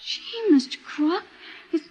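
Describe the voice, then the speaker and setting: A woman's voice: extremely high pitch, animated, takes it slowly, darkish tone, faint music behind, full character voice. Chatty janitor's boy. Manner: gossipy, breezy. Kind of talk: 1940s radio acting.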